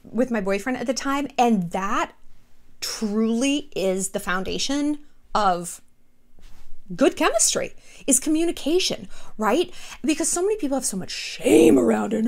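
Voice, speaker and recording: A woman vlogger talking casually to her viewers in an animated, gossipy way, blunt and a little profane, with lots of "like.". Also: on the high side, normal speed. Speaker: vlogger host. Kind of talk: casual chatty commentary. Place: small city apartment.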